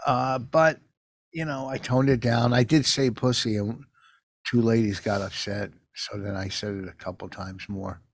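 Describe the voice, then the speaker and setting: Gravelly, rambling older man. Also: medium pitch, steady tone, normal speed. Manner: rambling, meandering storyteller. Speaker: podcast co-host, comedian. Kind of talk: casual bickering chat.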